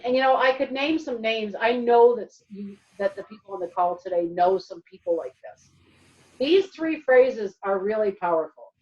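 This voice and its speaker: Chatty woman presenting a webinar. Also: a little high. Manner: lively, chatty, many fillers. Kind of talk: webinar talk. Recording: dull, distant call audio.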